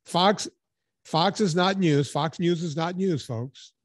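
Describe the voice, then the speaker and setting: A man from Louisiana hosting a podcast, talking in an animated, ranting and profane way. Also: fairly high pitch, takes it slowly, no echo, studio quality. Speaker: podcast host. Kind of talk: casual chat.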